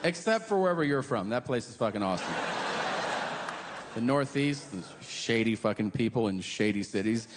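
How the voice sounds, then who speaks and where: A middle-aged man performing a stand-up comedy set, animated and acting out characters in silly voices. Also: mid-range voice, normal speed, crowd noise. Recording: long hall reverb with audience noise.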